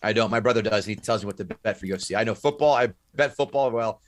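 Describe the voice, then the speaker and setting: A man's voice: lowish voice, fast talker, dry recording. A man trading profane, blunt sports trash talk in a casual podcast chat. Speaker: podcast guest.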